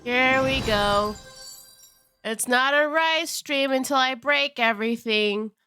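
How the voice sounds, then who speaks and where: A woman's voice: high-pitched, takes it slowly, sharp tone, smooth, faint music behind. A woman streaming a game live, chatting casually with her viewers in a giggly, flustered way and laughing often.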